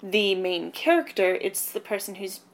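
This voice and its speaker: A woman's voice: medium pitch, animated, normal speed. Dry-witted woman podcast co-host. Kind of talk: casual film discussion.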